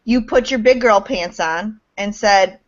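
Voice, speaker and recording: A woman's voice: medium pitch, measured pace, dull audio. Blunt, sarcastic woman hosting a chat. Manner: blunt, sarcastic, swears freely. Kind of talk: casual chat.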